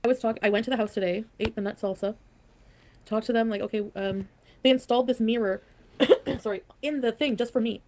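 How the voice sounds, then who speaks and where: A woman talking fast on a live stream as she rambles through a story. She keeps restarting her sentences and filling them with "like" and "you know what I mean". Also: fairly high pitch, a little mellow. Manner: rambling, hesitant, full of "like". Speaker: streamer in the reacted clip.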